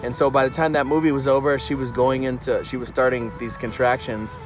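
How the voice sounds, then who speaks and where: A man recounting his family's story in a steady, plain way, speaking as the father. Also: medium pitch, brisk. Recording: loud guitar music behind.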